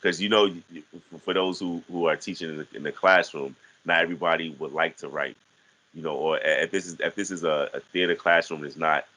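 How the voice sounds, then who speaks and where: Very deep, bright-toned male teacher. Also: steady tone, rough recording. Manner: halting, many restarts and repeated words. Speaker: guest teaching artist. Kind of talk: casual conversational teaching talk.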